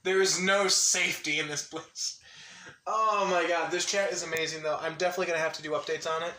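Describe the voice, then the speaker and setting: Bright, giggly guy vlogging, voice a bit high, recorded in a roomy space off-mic. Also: brisk, distant mic. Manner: excitable, laughs often, restarts sentences. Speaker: anime vlogger. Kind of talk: casual rambling monologue.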